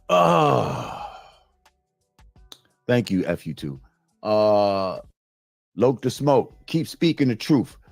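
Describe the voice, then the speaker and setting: A man hosting a live stream, reading viewer comments and ranting with heavy profanity, jumping between loud outbursts and low mutters. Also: dry recording. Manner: animated, swings between loud rants and mutters. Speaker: livestream host reading chat.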